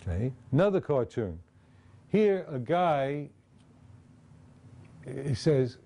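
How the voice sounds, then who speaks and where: A man's voice: mid-range voice, very animated, unhurried, pauses often, warm tone. A man giving a lecture and talking through slides in a conversational way, often checking in with the audience.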